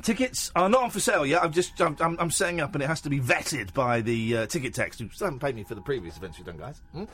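A man's voice: mid-range voice, lively intonation, fast, a bit bright, breathy edge. A man hosting a casual phone-in radio show in a studio, chatty, jokey and rambling. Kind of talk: casual late-night radio chat. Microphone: studio microphone with headphones.

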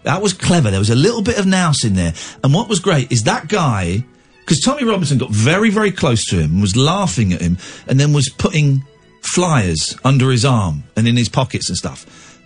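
A man's voice: medium pitch, big pitch swings, normal speed, slightly rough, soft background music. A man hosting a radio phone-in, thinking aloud with many restarts. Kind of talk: casual radio talk.

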